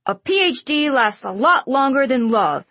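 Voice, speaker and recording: A pompous old scientist grandfather, now in a young boy's body, who lectures and huffs indignantly, as a woman reads him. The voice runs a touch high and slightly husky, recorded close and dry for an audiobook. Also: sing-song, normal speed, pushed and bright, no echo, heavily acted. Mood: scolding. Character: cranky old male scientist grandfather turned into a teenage boy. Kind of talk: audiobook character voice.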